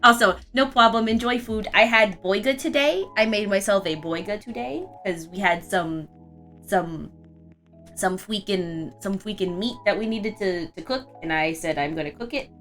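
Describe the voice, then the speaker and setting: Young woman, live art stream, casual rambling, restarts, bright voice, faint music. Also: mid-range voice, normal speed. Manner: rambling, with frequent restarts and fillers.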